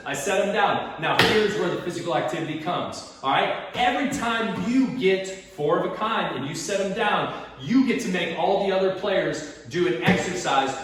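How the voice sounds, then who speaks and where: His voice sits high and fairly bright, expressive at a normal speed, with a little hiss or hum. A PE teacher running an energetic home workout in a hot garage, he whoops, counts and hypes reps while sweaty and winded. The echoey garage is captured from a distance.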